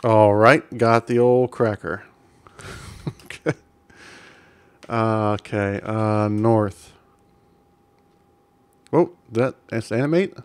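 A man's voice: fairly low pitch, slow, long pauses, smooth, dry recording. A man casually commenting while playing an old adventure game, reading game text aloud with amused chuckles.

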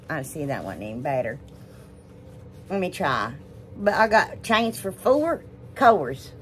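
A woman's voice: deep voice, big pitch swings, a little slow, a little hiss or hum. A woman hosting a casual crafting vlog, rambling and gushing over what she shows. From United States. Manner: rambling, gushing, says y'all often. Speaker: DIY crafts channel host.

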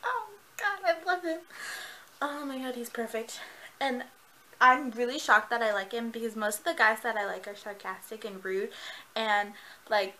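A young woman gushing excitedly in a casual vlog. Her voice is very bright and sits a little high, and she laughs often while she talks. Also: normal speed, low-quality recording. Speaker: book reviewer.

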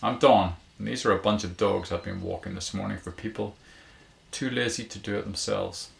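A man's voice: on the low side, fairly even intonation, normal speed, creaky, roomy sound. A man reading a story voices a down-on-his-luck male dog walker who banters wryly and turns glum. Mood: bantering. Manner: wry, joking banter, turning glum.

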